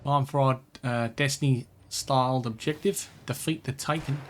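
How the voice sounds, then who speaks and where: A man's voice: mid-range voice, steady tone, moderate pace, a little hiss or hum. A man hosting a let's play, commenting as he plays, swearing a lot and muttering in exasperation, with chatty asides to the viewer. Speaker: gaming channel host.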